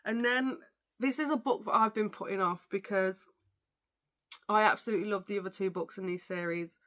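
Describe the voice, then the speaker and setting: A woman's voice: medium pitch, normal speed, a bit bright. A young woman, talking casually as a book vlogger. She is chatty and gushing, with lots of fillers, and sounds tired, yawning now and then. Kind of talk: casual chat about books.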